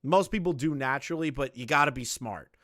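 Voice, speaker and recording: A man giving casual, profane commentary on clips, blunt and quick to laugh. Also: mid-range voice, fairly bright tone, no room sound, studio quality. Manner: blunt, swearing, laughs often. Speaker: commentary streamer reacting to clips.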